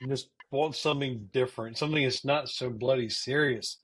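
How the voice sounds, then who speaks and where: A man's voice: medium pitch, moderate pace, a bit bright, slightly rough. A middle-aged man co-hosting a podcast in casual chat, laid-back and stammering on his words. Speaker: podcast co-host.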